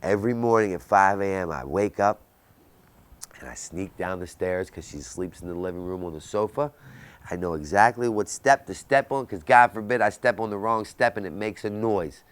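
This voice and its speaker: Man, 30s, very low voice, dry close sound; intense first-person testimony, dramatic hushed drops. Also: moderate pace, smooth, no echo. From Baltimore area, US. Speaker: recovery speaker.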